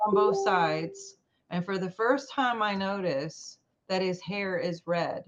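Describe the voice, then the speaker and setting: A woman guest in an interview telling a personal story in an animated way, acting out the lines of the people in it. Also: mid-range voice, takes it slowly, dull audio, background noise. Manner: animated, acts out quoted dialogue.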